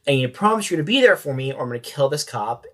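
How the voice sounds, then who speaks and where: A man's voice: on the high side, big pitch swings, racing, fairly bright tone. A man retelling a desperate pleading hostage-taker. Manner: pleading, urgent, repetitive.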